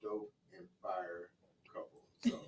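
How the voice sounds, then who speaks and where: In a slow, level, low and somewhat dark voice, a man hosts a laid-back podcast, talking in slang and asking "right?" as he goes. It's recorded in an echoey room from a distant mic, with faint noise.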